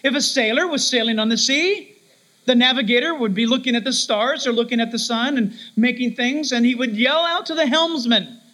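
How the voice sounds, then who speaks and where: A man preaching a sermon, telling stories with lively shifts of voice and acting out the people in them. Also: very high voice, fairly quick, low-quality recording. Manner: animated storytelling, acts out quoted voices.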